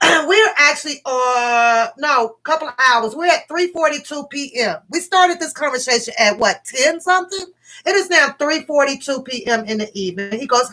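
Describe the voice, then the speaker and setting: A middle-aged woman vlogger telling a story to her viewers in a casual, profane, animated way, laughing as she goes. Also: high-pitched, normal speed, rough recording.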